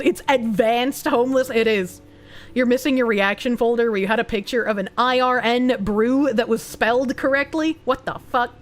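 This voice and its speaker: A woman's voice: sits high, fairly bright tone. A young woman streamer reacting to news and chat, sarcastic, swearing freely and laughing often. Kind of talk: casual live-stream reaction, reading news and chat aloud.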